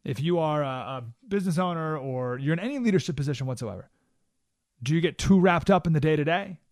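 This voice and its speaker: Male radio host, slightly high voice, animated storyteller, close dry studio mic. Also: quick pace, dry recording. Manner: animated storyteller, acts out quotes with jumps in pitch. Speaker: radio talk show host. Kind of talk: monologue on talk radio.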